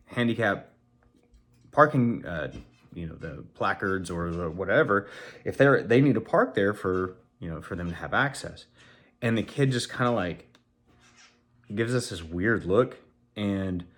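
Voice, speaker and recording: A middle-aged man casually tells a story to his viewers. He rambles and restarts often, and his voice sits at an ordinary middle pitch. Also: a bit bright. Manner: rambling, many fillers and restarts, laughs while telling. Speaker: channel host telling a story.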